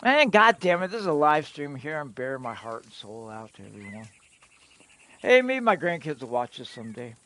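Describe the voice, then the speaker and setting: A middle-aged man with a fairly high voice that swings up and down a lot as he rambles through stories on a live stream. His talk is loose and profane, dotted with chuckles. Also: very animated, moderate pace, sharp tone. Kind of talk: casual storytelling on a live stream.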